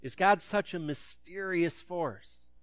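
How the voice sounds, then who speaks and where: Pastor, male, slightly high voice, dry close sound, chatty sermon with jokes. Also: slow pace, fairly bright tone, dry recording. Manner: conversational, joking asides, acts out quoted voices. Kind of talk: sermon with scripture reading.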